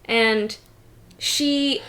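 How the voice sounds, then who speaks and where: A woman running a tabletop game, narrating casually with plenty of fillers. Her voice is fairly high and she talks at an easy, slow pace. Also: steady tone, fairly bright tone. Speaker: game master.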